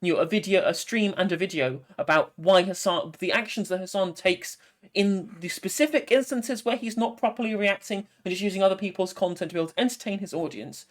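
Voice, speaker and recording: A commentator narrates a video at a fast clip, laying out criticisms assertively. The voice sits in a middle pitch. The tone stays pointed and sure.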